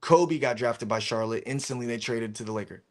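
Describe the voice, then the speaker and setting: A man's voice: medium pitch, fairly quick, a crowd in the background. A man hosting a casual live stream chat, telling stories with lots of swearing and acted-out quotes over a video call. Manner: animated storyteller, swears freely, acts out quotes. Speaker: stream host.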